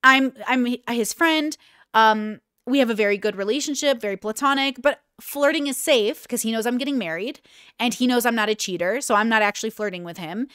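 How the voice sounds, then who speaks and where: A woman's voice: on the high side, brisk, fairly bright tone, smooth, no echo, studio quality. Chatty, candid woman host. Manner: candid, chatty, self-deprecating. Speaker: podcast host. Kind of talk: casual podcast talk.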